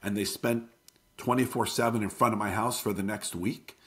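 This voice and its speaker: Middle-aged man, halting and emotional. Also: lowish voice, fairly even intonation. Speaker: guest. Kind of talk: personal account in an interview.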